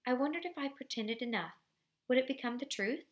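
A woman reading a novel aloud for students, steady and expressive, pausing briefly to apologize for slips. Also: sits high.

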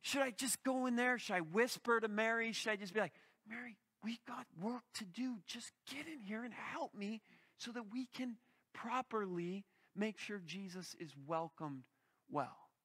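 A man's voice: extremely high pitch, brisk, few pauses, bright, forceful tone, voice pushed up, heavily acted. A preacher voicing a frantic, indignant woman who complains that she has been left to do all the work. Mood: fretting. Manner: exasperated, complaining.

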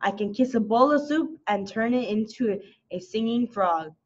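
A woman's voice: a little high, animated, moderate pace, dull audio. Boastful magic chicken, read by a woman. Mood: bragging. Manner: loud bragging exclamations.

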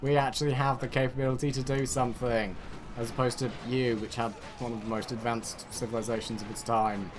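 A British man from the United Kingdom giving rambling, excitable game commentary with sarcastic asides. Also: mid-range voice, fairly quick, background noise. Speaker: let's play gamer.

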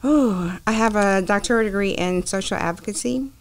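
A woman being interviewed as a guest, telling her story in an animated, expansive way. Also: medium pitch, moderate pace. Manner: animated storyteller, talks at length. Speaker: interview guest, foundation founder. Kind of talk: casual interview talk.

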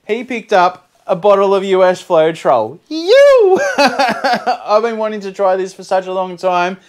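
An Australian man, excitable and quick to laugh, chatting casually to camera as a fluid art vlogger. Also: sits high, clear, resonant tone. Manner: excitable, laughs often, bursts into shouts.

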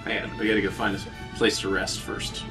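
A man's voice: lowish voice, level tone, moderate pace, bright, forceful tone, far from the mic. A man playing a video game and trading dry, joking comebacks with friends. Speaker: player. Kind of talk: casual let's-play banter. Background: game music.

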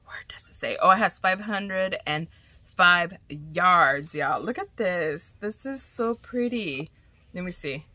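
A woman chatting casually to viewers, gushing and excited, often dropping to a whisper, a little congested from a cold. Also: on the low side, a little hiss or hum. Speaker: crochet vlogger. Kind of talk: casual unboxing chat to viewers.

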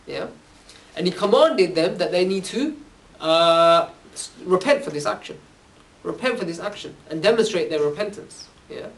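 High-voiced man tagging everything with "yeah?". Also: expressive, moderate pace. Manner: ends nearly every phrase with a questioning "yeah?"; casual, conversational storytelling. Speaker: religious speaker. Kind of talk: informal religious talk to youth. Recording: distant from the mic.

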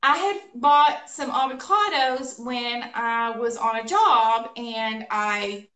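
A woman co-hosting a live show, telling a funny story about her day in an animated, laughing way. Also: a little high, slow pace. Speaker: co-host of a painting livestream. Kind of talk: casual storytelling chat. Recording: echoey room, voice a bit far from mic.

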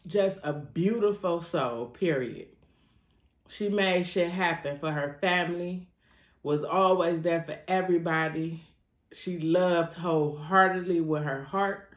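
A woman's voice: fairly low pitch, reverberant. A woman vlogging, grieving and heartfelt, with a casual cussing manner, crying at times. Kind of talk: tearful personal vlog.

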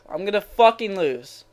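A young man giving live commentary over his own video game match, swearing constantly, yelling in frustration, then muttering to himself. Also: sits high. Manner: swearing, swinging between raging shouts and muttering. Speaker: gaming channel host.

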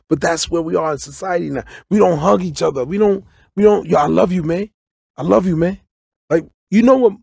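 A middle-aged man riffs in a relaxed, preachy way, breaking into sudden loud bursts. His voice sits a bit high for a man, with a gravelly, husky rasp. The studio sound is close and dry. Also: dry recording. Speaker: guest comedian and actor. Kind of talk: casual interview talk. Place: radio studio.

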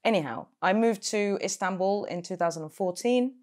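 A woman's voice: mid-range voice, normal speed, a little mellow. A woman who grew up in London, a comedian chatting casually in an interview, rambling with fillers and self-deprecating jokes. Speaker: comedian guest.

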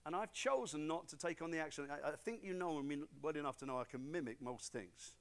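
A middle-aged British man preaching a sermon as pastor, swinging between loud emphatic preaching and quiet storytelling. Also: a little high, a little fast, few pauses. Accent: British English. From Britain. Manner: animated, emphatic, repeats for stress.

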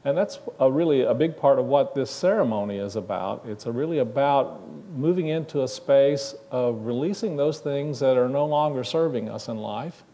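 A man's voice: mid-range voice, normal speed, hardly any pauses, warm tone, a little hiss or hum. Male minister, sermon, conversational, mid-range voice, church. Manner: conversational, asks the congregation questions. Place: church sanctuary.

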